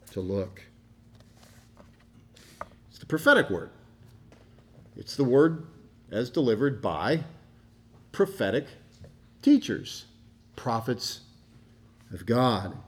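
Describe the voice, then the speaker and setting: A man's voice: mid-range voice, a little mellow. A man preaching an expository sermon, stressing and repeating key phrases as he teaches from a passage. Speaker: pastor.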